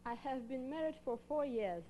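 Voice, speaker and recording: Woman speaking halting English. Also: high-pitched, lively intonation, lo-fi sound, noisy background. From Soviet Union. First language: Russian. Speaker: pageant contestant.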